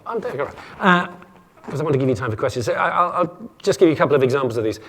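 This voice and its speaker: A man's voice: mid-range voice, a bit bright. A man giving a humorous keynote lecture to an audience, playful and jokey, often stumbling and restarting his sentences. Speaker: keynote speaker.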